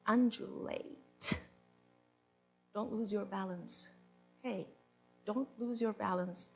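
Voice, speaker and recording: A woman's voice: fairly high pitch, a bit bright, exaggerated voice. A woman on stage playing a brash, worldly woman who coaches other ladies, with theatrical moans and a bossy, instructing manner. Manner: theatrical, swooping moans and sighs. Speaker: stage performer. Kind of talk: live comic monologue reading.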